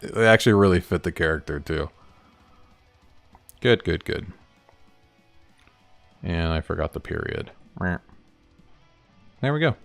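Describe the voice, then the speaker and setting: With a low, gravelly voice and no room sound, a man streams his work as an indie game developer. It's a casual livestream where he thinks aloud, rambles and chuckles as he works through each step.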